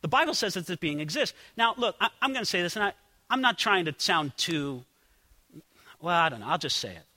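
Animated high-voiced male preacher. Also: brisk, big-room sound. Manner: animated, conversational preaching with asides to listeners. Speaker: pastor. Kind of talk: sermon.

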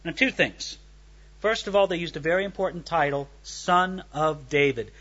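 Lo-fi audio captures a man, a pastor, whose fairly bright voice sits fairly high and moves at a normal speed. His expository sermon alternates between reading scripture aloud and unpacking it verse by verse, with the voices in the text acted out.

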